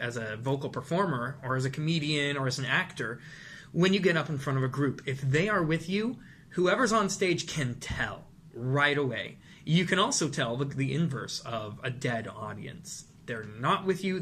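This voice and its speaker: Animated, bright-voiced male voice coach. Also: fairly high pitch, a little hiss or hum. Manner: animated, demonstrates rushed and calm delivery. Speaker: vocal and presentation coach. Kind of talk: instructional talk to camera.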